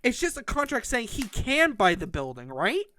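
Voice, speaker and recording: A male podcast co-host recaps a trashy novel in casual, profanity-laced chat. His pitch swings widely and expressively as he tells the story. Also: moderate pace, slight background noise. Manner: animated, profane plot recap. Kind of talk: casual book review chat.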